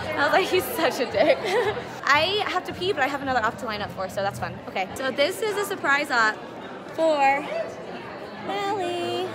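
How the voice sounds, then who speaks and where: A young woman vlogging in a busy convention hallway, chatting fast and giggling as she tells stories. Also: high voice. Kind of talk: casual vlog chat. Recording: noisy crowded hall with music.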